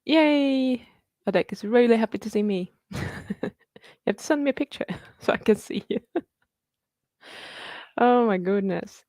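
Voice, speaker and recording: A woman's voice: medium pitch, normal speed, warm tone, no echo, clean studio sound. A woman in her thirties hosting a casual live Q&A, chatty and upbeat, laughing often and swearing casually. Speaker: livestream host answering viewer questions.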